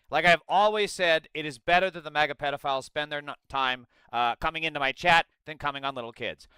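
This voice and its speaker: A young man with a bright, crisp voice hosts a live stream, reacting to his chat. He rants in a sarcastic, crude way. His voice sits a little high and is recorded dry and close, with no room sound. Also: no echo. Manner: mocking impressions in a goofy voice. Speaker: political streamer.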